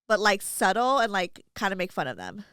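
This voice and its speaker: A chatty woman on a casual podcast, frank about her dating life and often restarting her sentences mid-thought. Her voice sits at a medium pitch. The sound is dry and close. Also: huge pitch swings, fairly quick, fairly bright tone, clean tone, no echo.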